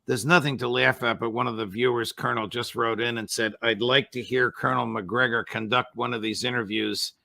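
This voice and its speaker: A man hosts an interview, his voice gravelly with a bright edge. He frames questions in a measured, formal manner, and the sound is close and dry with no room around it. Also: medium pitch, flat delivery, no echo. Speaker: show host.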